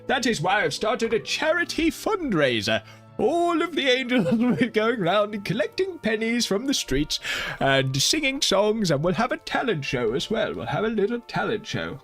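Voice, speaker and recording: Excitable man streaming a game. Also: high voice, moderate pace, faint music behind. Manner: excitable, jokey, reacting out loud. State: sore throat. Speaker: gaming streamer. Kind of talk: live game commentary.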